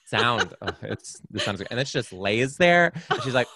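A man guest on a podcast, telling stories in a casual, animated, dramatic way with a playful, sassy edge. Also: medium pitch, normal speed, husky, dry recording, studio quality. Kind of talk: casual chat.

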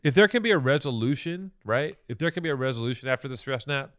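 This podcast co-host has a mid-range, fairly bright voice and talks expressively at a quick pace. In casual chat he rambles through a long story, swearing often and restarting his sentences again and again.

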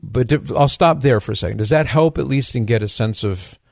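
A man hosting a radio call-in show who is losing his voice, answering a caller's question in a measured, explanatory way. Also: medium pitch, creaky, darkish tone, dry recording, clean studio sound.

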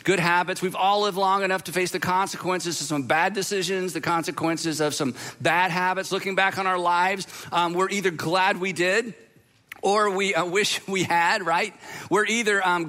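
A male pastor opens a sermon series in a church auditorium. His voice sits high and bright for a man. He talks casually and conversationally, with frequent fillers. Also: fairly even intonation, a little slow. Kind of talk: sermon introduction.

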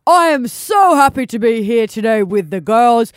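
Woman doing a loud, hearty Santa; bright pitch, dry studio sound. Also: expressive, normal speed, clear, resonant tone, no echo, natural voice. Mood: jolly booming. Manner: loud booming ho-ho-hos. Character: jolly male Santa Claus. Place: podcast studio.

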